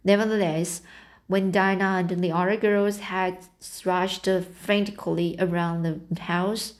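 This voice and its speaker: A woman reading a novel aloud as an audiobook, in a halting way with frequent restarts. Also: on the low side, steady tone. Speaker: audiobook reader.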